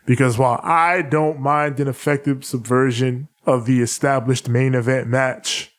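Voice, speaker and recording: A man co-hosting a casual chat podcast in an ordinary mid-range voice. He talks in measured, articulate stretches and laughs easily with his co-host. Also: mid-range voice. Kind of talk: casual chat, analytical recap.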